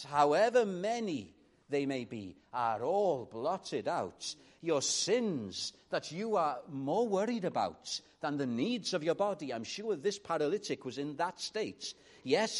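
A man delivers a sermon with a lively, swooping pitch. His voice sits slightly high for a man and moves between emphatic calls and quiet, reflective asides. The delivery is earnest throughout. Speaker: preacher.

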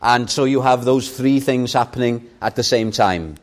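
A mid-range voice carries a Sunday morning sermon from a man who grew up speaking Welsh. He tells stories slowly and with expression, putting heavy weight on key words.

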